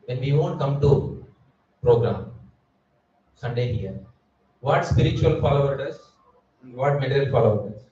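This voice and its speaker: A man's voice: medium pitch, moderate pace, long pauses, dark tone, a little hiss or hum. A man giving a Sunday sermon at a temple, asking his listeners rhetorical questions. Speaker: preacher. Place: temple hall. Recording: echoey hall, distant mic, dull sound.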